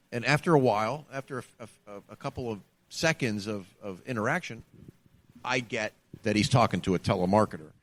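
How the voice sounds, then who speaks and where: A middle-aged man co-hosting a podcast in a bar, telling a story in casual chat and acting out the phone calls. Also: medium pitch. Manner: animated, acts out the calls. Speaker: podcast co-host, ex-trooper.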